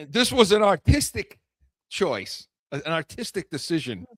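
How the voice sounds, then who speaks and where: A man co-hosting a casual sports talk show, blunt and ranting, swearing and yelling at critics. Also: high voice, huge pitch swings, unhurried, no echo.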